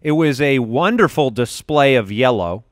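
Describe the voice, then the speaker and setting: A man's voice: medium pitch, animated, normal speed, dry recording, clean studio sound. A man hosting a podcast in casual chat, upbeat and joking as he runs the show. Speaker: podcast host. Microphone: studio podcast mic.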